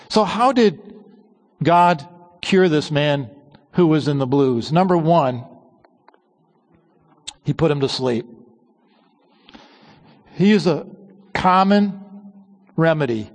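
Emphatic preacher in a long-echo church. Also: male voice. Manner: emphatic, slowing on key words and dropping to a low hush at phrase ends. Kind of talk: sermon.

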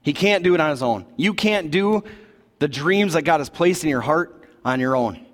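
Casual preacher in an echoing hall. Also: male voice, fairly high pitch, moderate pace. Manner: casual, animated retelling of scripture, slangy asides. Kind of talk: sermon. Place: church. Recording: long reverb of a large hall.

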